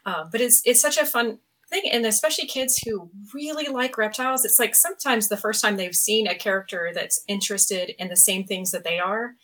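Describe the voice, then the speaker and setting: A middle-aged woman chatting on a podcast as a guest author, telling animated stories and acting out quotes. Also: medium pitch, brisk, hardly any pauses. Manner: animated storyteller, acts out quotes. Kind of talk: casual podcast chat.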